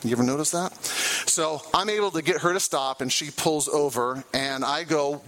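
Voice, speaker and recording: A man's voice: on the high side, moderate pace, a bit bright, rough recording. A middle-aged man, a trauma therapist and guest speaker, telling a personal story to a church crowd in a loose, conversational way with fillers and self-corrections. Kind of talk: storytelling talk from a church platform.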